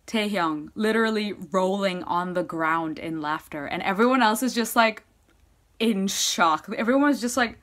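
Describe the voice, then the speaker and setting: A young woman vlogger telling a story casually, gushing and excitable, with her speech full of "like". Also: medium pitch, moderate pace.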